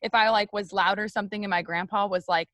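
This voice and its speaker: A young woman leading a team, giving a loud, energetic, chatty motivational talk straight to her viewers on a live stream. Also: mid-range voice, fast, no room sound. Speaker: network marketing team leader on a live stream.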